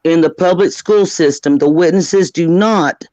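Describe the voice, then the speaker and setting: A woman's voice: on the low side, measured pace, mellow, dry recording, dull audio. A middle-aged woman on a call, talking bluntly and emphatically in casual chat.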